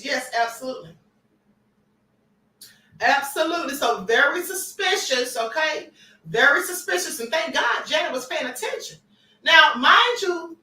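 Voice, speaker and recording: A woman's voice: high voice, bright, forceful tone, echoey room, distant mic, rough recording. A woman hosting a livestream, giving emphatic celebrity gossip commentary and repeating her points for effect. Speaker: livestream host.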